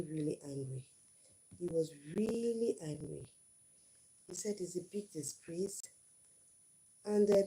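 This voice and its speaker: A middle-aged woman speaks casually to viewers on a livestream, telling a story and giving advice. She is earnest and repeats phrases for emphasis. Her voice sits a little low and has a very dark, mellow tone. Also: gravelly. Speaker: channel host on her first livestream.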